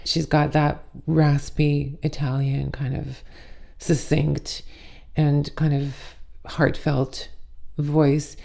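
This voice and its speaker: A woman's voice: low voice, level tone, drawn-out words, creaky, mellow. A woman in her thirties hosting a makeup channel, chatting casually and playfully, with jokey asides. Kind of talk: casual talking-head chat.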